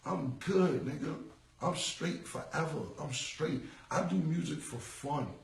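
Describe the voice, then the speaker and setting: A man's voice: fairly high pitch, unhurried, vocal fry, roomy sound, recorded from a distance, low-quality recording. A man in his forties in a casual livestream monologue, rambling and repeating himself in street slang. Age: 40s. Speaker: rapper. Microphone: phone.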